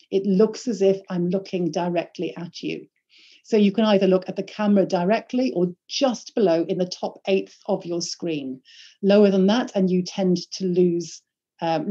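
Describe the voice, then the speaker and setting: A woman leading an online workshop on presenting, giving instructions in a clear and emphatic way. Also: medium pitch, dark tone, dull audio. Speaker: presentation skills trainer.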